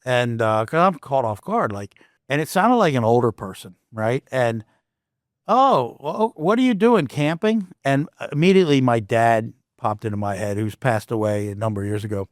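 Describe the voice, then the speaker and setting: A man of middle pitch tells a personal story in a lively, casual way. He breaks off and restarts his sentences often and throws in asides. The recording is dry and close, with no room sound. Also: fairly quick, no echo. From Canada. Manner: animated, with frequent restarts and asides. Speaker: podcast host.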